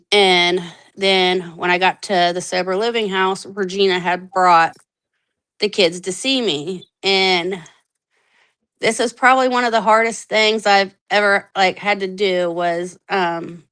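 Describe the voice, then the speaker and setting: A woman in her thirties telling her own story candidly on a podcast, animated, acting out the voices she quotes and swearing freely. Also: mid-range voice, unhurried, clear, resonant tone, rough recording. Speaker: podcast guest.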